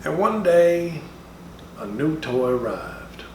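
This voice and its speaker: A man's voice: on the high side, very animated, slow pace, darkish tone, full character voice. A man plays a brash middle-aged comedian who lectures a room of schoolkids. He drawls, swears and taunts in a mock-serious way. The voice comes from a distant mic in an echoing room with faint background noise. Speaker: speaker at a school assembly. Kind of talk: comedic impression monologue. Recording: roomy sound from a distant mic.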